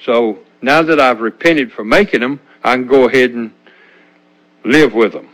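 A man's voice: medium pitch, fairly bright tone, rough recording. Older man preaching a folksy sermon. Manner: folksy, halting, with frequent restarts. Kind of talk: informal sermon.

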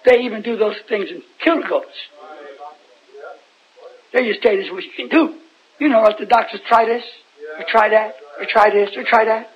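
A man with a very high voice preaches a loose, rambling Bible sermon in a folksy way. He keeps stopping to put questions to the people listening. The sound is dull and lo-fi. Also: normal speed, long pauses. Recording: dull lo-fi recording.

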